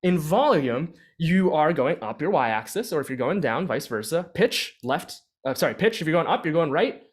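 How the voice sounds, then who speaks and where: A man leading a beatboxing workshop in a casual, energetic teaching style, full of fillers and restarts, speaking into his own microphone. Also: a little high, moderate pace. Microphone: own microphone with adjustable gain.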